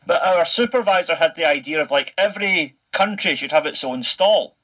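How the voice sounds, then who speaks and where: A Scottish man in his thirties talking on a casual podcast, his voice pitched a little high and very bright. He tells his stories in an animated, chatty way and swears without a second thought. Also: normal speed, low-quality recording. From Scotland. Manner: animated storytelling, swears freely. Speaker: podcast guest.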